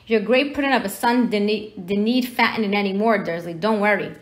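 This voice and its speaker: A woman reading aloud and voicing a huge, gruff, jolly man with a rough rustic dialect and a quick temper, raised in pitch. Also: natural voice. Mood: darkly amused.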